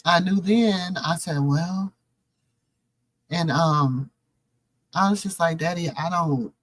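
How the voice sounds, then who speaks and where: A woman's voice: fairly low pitch, slow pace, no echo. Middle-aged woman telling her story all heartfelt, preachy, says baby and y'all a lot, dry close sound. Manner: emotional, preacherly, calls listeners baby and y'all. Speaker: show host.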